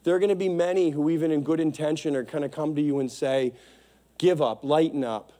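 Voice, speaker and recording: A man preaching a sermon with impassioned, repetitive calls, swinging from hushed to shouting. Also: fairly high pitch, fairly even intonation, fast.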